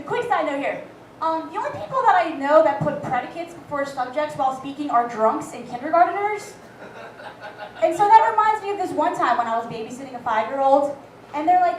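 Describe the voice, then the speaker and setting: A woman's voice: high voice, expressive, a little fast. A young woman doing a brash, raunchy, self-mocking stand-up set on a comedy club stage. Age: young adult. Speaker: stand-up comic. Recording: echoey club, far from mic, faint noise.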